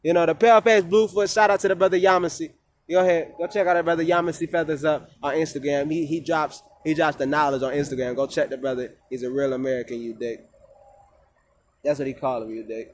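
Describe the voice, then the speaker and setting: A man with a high-pitched voice lectures his viewers straight to camera. He talks in a preachy, emphatic way and mixes in plenty of street slang. He speaks casually and forcefully, like a wellness coach making his case. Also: fairly even intonation, quick pace, a little hiss or hum. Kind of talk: informal monologue to viewers.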